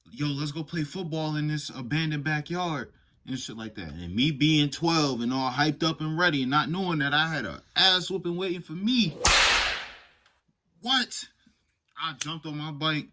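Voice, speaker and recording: A young man casually telling a profane, animated storytime vlog. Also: medium pitch. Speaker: vlogger.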